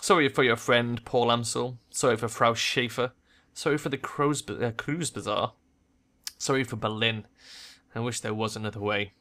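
A man voicing an aging, ailing male scientist who speaks with measured, solemn conviction in a game read-through. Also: mid-range voice, fairly even intonation, sharp tone. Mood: regretful.

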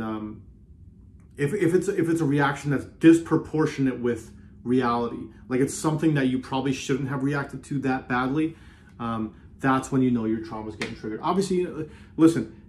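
A man hosting a self-help video, talking earnestly in a casual motivational way, often repeating himself and slowing down on key phrases. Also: medium pitch, darkish tone. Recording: roomy echo.

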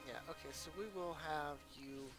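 A man's voice: a little high, steady tone, normal speed, music in the background. A man hosting a let's play, giving casual gameplay commentary and thinking aloud with chatty asides.

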